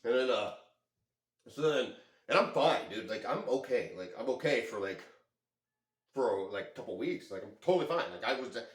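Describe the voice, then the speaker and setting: A man telling a story to his camera in a casual, rambling, excitable way, full of swearing. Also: lowish voice, brisk. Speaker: vlogger. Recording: echoey room.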